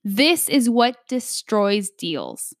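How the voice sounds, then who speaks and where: A woman's voice: mid-range voice, big pitch swings, extremely slow, no room sound, studio quality. A woman coaching an audience on negotiation in an emphatic instructional talk, often tagging her points with "right?".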